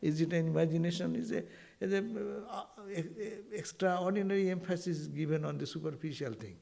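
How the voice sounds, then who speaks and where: A man giving an informal spiritual talk to devotees, animated and full of rhetorical asides. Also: on the high side, a little fast, creaky. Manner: animated, rhetorical asides, quotes Sanskrit verses.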